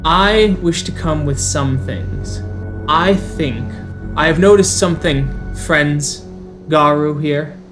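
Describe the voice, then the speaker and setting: A player voicing a legendary male werewolf king with an Irish accent, speaking loudly and declaring each point slowly to a gathered council. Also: mid-range voice, over music, close to an everyday voice. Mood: impassioned. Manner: loud, declamatory, slow emphatic phrasing. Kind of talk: in-character roleplay speech.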